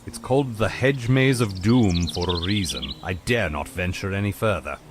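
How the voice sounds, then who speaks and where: A man voicing a prim, dry-witted male butler in a video game, speaking formally and deadpan. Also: low-pitched, moderate pace, music in the background, close to an everyday voice.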